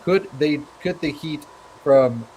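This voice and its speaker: A man's voice: fairly high pitch, slow pace, darkish tone, a little hiss or hum, low-quality recording. A man in casual group chat, asking questions with many restarts and hesitations.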